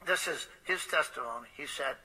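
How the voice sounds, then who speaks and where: Man preaching in a bright, sharp voice. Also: medium pitch, normal speed, breathy edge, low-quality recording. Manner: conversational, hesitant with frequent uh fillers. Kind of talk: storytelling sermon.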